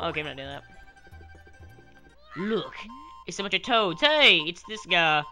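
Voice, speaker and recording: Rambling, pun-making young gaming commentator. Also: male voice, sits high, very animated, a little slow, pauses often, bright, forceful tone, soft background music. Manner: rambling, jokey, making puns and goofy voices. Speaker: gaming channel host. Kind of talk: let's play commentary. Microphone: headset.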